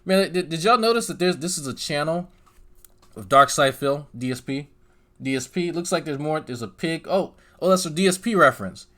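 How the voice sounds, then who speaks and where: A man's voice: a little high, expressive, moderate pace, pushed and bright. A man doing sarcastic commentary over a scrolled page, mocking and repetitive with profane asides. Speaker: commentary YouTuber.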